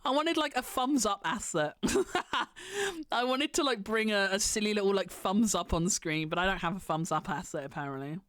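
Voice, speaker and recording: A woman's voice: medium pitch, expressive, moderate pace, fairly bright tone, no echo, studio quality. A woman streamer ranting in casual chat, sweary and sarcastic, slipping into mocking voices.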